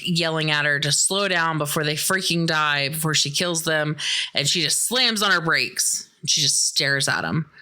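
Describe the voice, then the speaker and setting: A woman hosting a podcast, casually recapping a horror film in an animated way and swearing freely. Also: sits low, clear, resonant tone. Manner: animated, profane retelling. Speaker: podcast host.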